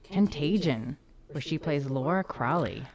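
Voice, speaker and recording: Woman with a really deep voice, short dry answers on a podcast. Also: animated, unhurried, a little mellow. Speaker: podcast co-host. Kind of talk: casual chat.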